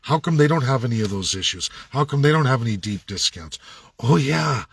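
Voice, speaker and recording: A man's voice: mid-range voice, animated, fast talker, fairly bright tone, breathy edge. A man delivering an angry, repetitive political rant full of rhetorical questions, in the manner of a regular commentator. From Canada. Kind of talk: ranting monologue.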